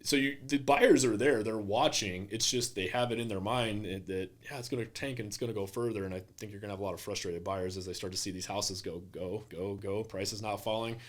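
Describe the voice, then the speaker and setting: A man who works as a real estate agent, chatting casually on a podcast and acting out quoted clients with lively energy. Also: on the low side, brisk, few pauses.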